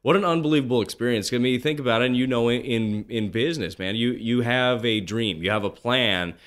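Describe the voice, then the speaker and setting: A man in his forties telling stories as an interview guest, animated and full of restarts, often acting out what others said. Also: medium pitch, brisk. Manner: animated, acts out quoted voices, many restarts. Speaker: guest, former pro baseball pitcher. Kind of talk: casual interview storytelling.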